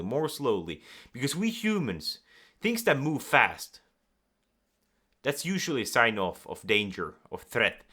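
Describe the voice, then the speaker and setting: A man speaking as a communication coach, giving direct-to-camera advice in an animated way and acting out nervous and calm examples. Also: lowish voice.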